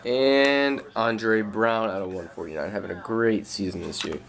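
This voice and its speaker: A young man calmly listing off his trading cards in a casual showcase, with slang and frequent fillers. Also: lowish voice, normal speed, gravelly. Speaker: card collector.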